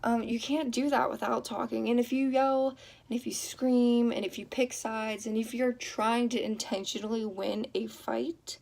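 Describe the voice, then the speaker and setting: A young woman giving earnest relationship advice in a casual vlog, talking in quick bursts with many fillers and restarts. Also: on the high side, steady tone, gravelly, darkish tone. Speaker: vlogger. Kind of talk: casual advice chat to camera.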